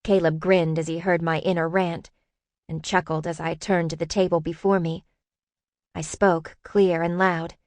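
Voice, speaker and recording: A woman's voice: fairly low pitch, level tone, normal speed, darkish tone, no echo. Woman narrating an audiobook. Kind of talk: first-person audiobook narration.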